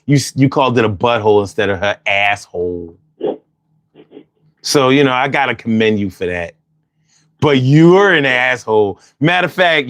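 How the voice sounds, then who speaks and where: A man hosting a call-in show in casual chat, loud, profane and teasing, repeating himself often. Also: medium pitch, dry recording, studio quality.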